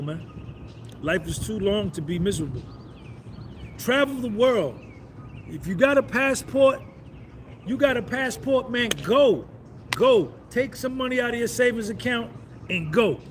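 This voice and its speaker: A middle-aged man on a casual live stream, loose and boastful, repeating himself as he shouts out viewers. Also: high-pitched, slight background noise. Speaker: vlogger doing a live stream.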